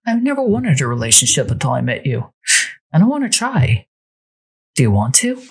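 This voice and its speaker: Woman reading a lovestruck man, earnest, pleading, husky, animated. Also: rumbling low, moderate pace, heavily acted.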